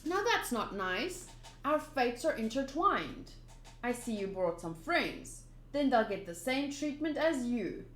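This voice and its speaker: Menacing male pirate thugs voiced by a woman reading a manga aloud taunt in low, threatening tones. The voice swings widely in pitch and is not rushed. The room adds a roomy echo. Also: sing-song, a little hiss or hum.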